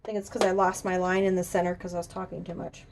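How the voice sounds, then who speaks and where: A woman hosting a coloring tutorial, chatting casually and thinking aloud as she works, even talking to her drawing. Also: on the low side, fast talker, creaky, slight background noise. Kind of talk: casual demonstration while drawing. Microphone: camera on a tripod.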